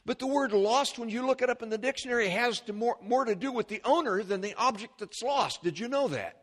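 A male pastor with an extremely high-pitched voice preaches a sermon at a brisk pace. He's animated, restarting sentences, repeating words, and making side remarks to the congregation.

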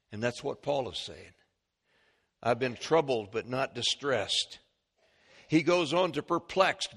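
A male preacher delivers a sermon from a church pulpit, his mid-pitched voice carrying a long hall reverb. He moves between hushed, low asides and sudden high, shouted peaks. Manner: swings from low murmur to high shouting when animated.

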